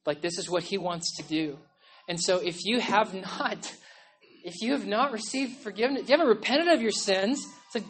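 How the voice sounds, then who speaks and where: A woman pastor preaching a sermon in a church, passionate and pleading, often shouting, with a chatty, conversational manner. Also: medium pitch, moderate pace, slightly rough. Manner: impassioned, yelling and pleading; conversational, with frequent "like" and "okay?".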